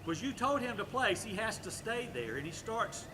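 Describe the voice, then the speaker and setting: A man working as a dog trainer, calmly explaining a training demonstration and giving short, firm commands to a dog. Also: high-pitched, normal speed, noisy background.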